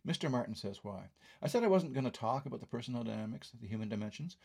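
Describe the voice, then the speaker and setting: An older man reads his own review aloud in a gravelly, husky voice. He is wry and conversational, and he drops offhand asides between his points. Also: medium pitch, expressive, fast talker, a little mellow. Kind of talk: read-aloud film review essay.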